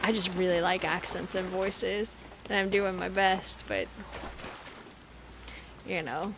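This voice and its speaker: An American woman chatting casually as she plays a game on a live stream, self-deprecating and quick to giggle. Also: medium pitch, steady tone, background noise. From United States. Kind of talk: casual gameplay commentary.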